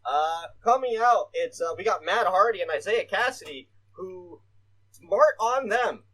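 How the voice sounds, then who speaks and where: A man's voice: high voice, lively intonation, unhurried, fairly bright tone, breathy edge, poor audio. Chatty man rambling through a podcast. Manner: rambling, many "uh" fillers, swears casually. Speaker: podcast co-host. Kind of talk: casual wrestling podcast chat.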